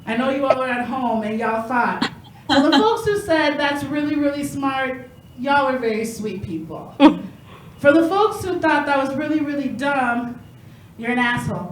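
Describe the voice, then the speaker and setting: A woman's voice: sits high, expressive, moderate pace, echoey room, a crowd in the background, rough recording. A woman in her thirties doing a stand-up comedy set. She talks in a chatty, self-mocking way and often laughs at her own jokes. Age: 30s.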